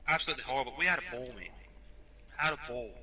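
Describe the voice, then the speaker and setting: Brief: young Aussie man, bright edgy tone, spins a rough-mouthed yarn. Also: medium pitch, racing, poor audio. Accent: Australian. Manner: swearing, animated yarn-spinning. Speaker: podcast guest. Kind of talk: casual storytelling.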